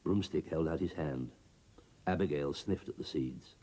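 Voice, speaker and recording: A man giving a scripted children's storybook narration, expressive and bouncing between character voices. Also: extremely low pitch, measured pace, breathy edge.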